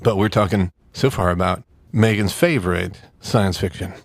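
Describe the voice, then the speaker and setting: A man's voice: deep voice, normal speed, no echo, clean studio sound. A man hosting a casual book podcast, joking and rambling with lots of fillers. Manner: rambling, jokey, many fillers. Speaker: podcast host. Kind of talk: casual chat.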